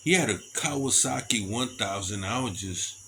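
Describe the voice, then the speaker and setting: A middle-aged man telling stories in a casual monologue, animated and chuckling often between them. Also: on the low side, normal speed, slight background noise, rough recording. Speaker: storyteller.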